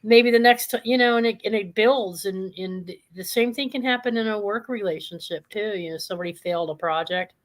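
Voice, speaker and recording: Calm woman host telling a story. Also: mid-range voice, a little fast, few pauses. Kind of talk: live show storytelling.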